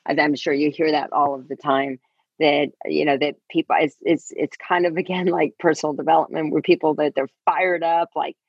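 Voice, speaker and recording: Guest: middle-aged woman, low husky voice, lively storyteller, muffled earbud call. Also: moderate pace, no echo. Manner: animated, acts out quoted voices. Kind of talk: casual interview storytelling.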